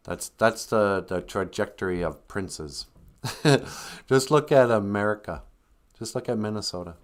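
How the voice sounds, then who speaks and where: A man's voice: on the low side, lively intonation, unhurried. A man hosting a live stream in a casual, rambling way, joking and reading viewer comments aloud.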